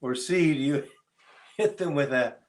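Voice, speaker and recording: A man's voice: a little high, lively intonation, a little slow. Man reading quiz questions on a podcast. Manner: reads out quiz scenarios, laughs easily. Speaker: podcast co-host. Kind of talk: casual podcast chat.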